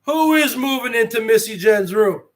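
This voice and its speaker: A man's voice: very high-pitched, expressive, normal speed. A man hosting his own live stream, rambling and boasting in a wrestling-promo style and firing off rhetorical questions at his viewers.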